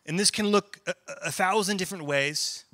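A man's voice: high-pitched, normal speed, pushed and bright, no echo. A man preaching a sermon in a casual, conversational way, acting out quoted voices with humor. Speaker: pastor.

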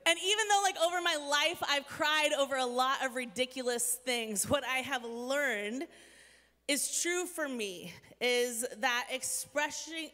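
Chatty bright-voiced woman in an echoey hall. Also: sits high. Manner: chatty and earnest, frequent "like", self-deprecating asides. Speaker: speaker addressing an audience. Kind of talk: inspirational talk to a live audience.

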